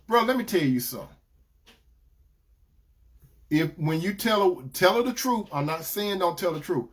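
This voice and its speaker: A Christian relationship-advice speaker with a fairly high voice preaches to listeners he calls brothers and sisters. He's animated and measured in pace, repeating his points and swinging between loud, emphatic lines and soft asides.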